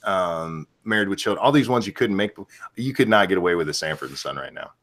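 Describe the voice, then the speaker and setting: Joking, low-voiced male stream host. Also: lively intonation, fairly bright tone. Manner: joking, irreverent, quick asides. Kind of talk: casual chat on a live stream.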